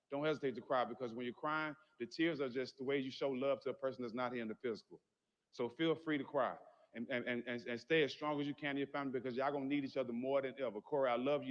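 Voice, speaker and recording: A middle-aged man giving an earnest, heartfelt funeral eulogy, speaking directly to the grieving family in a large hall. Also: medium pitch. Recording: muffled audio with long hall reverb.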